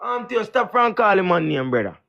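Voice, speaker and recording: A man with a Jamaican Patois accent scolding insistently in rough street talk on a live stream. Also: sits high, big pitch swings, a little fast, fairly bright tone, lo-fi sound.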